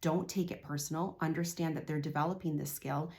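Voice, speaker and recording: Woman coach with a lower voice. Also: brisk. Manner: calm explaining, acts out parent and child dialogue. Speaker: parenting coach. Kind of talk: direct-to-camera parenting advice.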